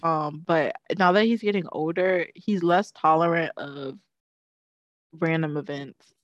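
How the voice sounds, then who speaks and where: A woman chatting casually and telling an animated story, acting out the people she quotes. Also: low-pitched, unhurried, dry recording, dull audio. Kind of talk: casual chat.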